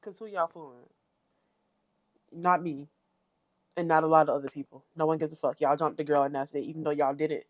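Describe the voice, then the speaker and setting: A woman's voice: low voice, fairly even intonation, a little fast, pauses often, no room sound, clean studio sound. A young woman hosting a reality TV recap, blunt, sassy and opinionated. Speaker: commentary channel host.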